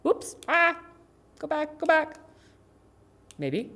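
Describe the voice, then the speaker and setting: A woman giving an informal, conversational talk to a church congregation, animated and acting out quoted speech along the way. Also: high voice, takes it slowly. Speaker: guest speaker at a church service.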